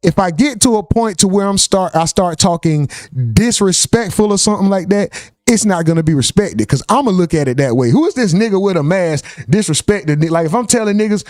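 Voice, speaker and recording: Male streamer, high voice, dry close sound, loose and profane, casual live chat. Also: lively intonation, brisk, darkish tone, dry recording. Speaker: livestream host.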